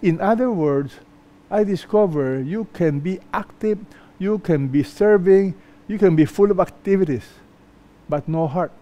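A male pastor giving a sermon in an emphatic way, pausing often and repeating phrases for stress. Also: high voice, expressive, warm tone. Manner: slow, emphatic preaching with pauses and repeated phrases.

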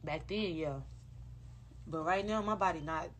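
A woman's voice: on the low side, measured pace, slight background noise. A woman chatting loosely and profanely to fans on a livestream, recorded on a phone. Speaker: rapper on a livestream. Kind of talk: casual livestream chat to fans.

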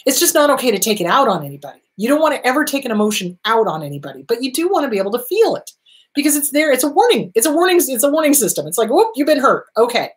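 A woman's voice: high voice, big pitch swings, rapid-fire. A woman therapist hosting a talk show, answering viewer questions in an earnest, reassuring way and repeating her key points.

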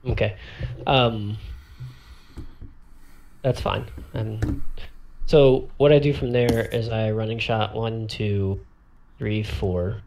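Gravelly low-voiced man counting game moves. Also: fairly even intonation, slow pace, long pauses, a little mellow, a little hiss or hum. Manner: hesitant, counts squares aloud and corrects himself. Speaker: tabletop miniatures player walking through a turn. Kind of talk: thinking aloud while demonstrating game moves.

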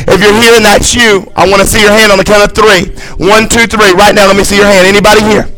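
A man's voice: high-pitched, flat delivery, fast, few pauses, sharp tone, soft background music. A man preaching a sermon as pastor in a church, fervent and repetitive, leading into an altar call, recorded from a live stream. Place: church sanctuary.

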